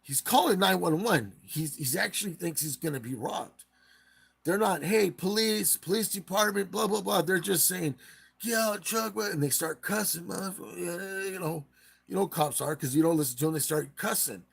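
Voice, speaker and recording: A man's voice: a little high, normal speed, vocal fry, a bit bright, husky. A man hosting a live stream, casually retelling a case in a rambling way and acting out the quotes.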